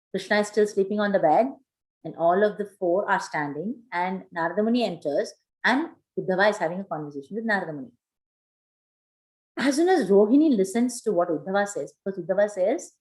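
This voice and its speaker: A woman's voice: medium pitch, a little fast, poor audio. Woman telling a sacred story in class. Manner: animated storytelling with many fillers. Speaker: teacher.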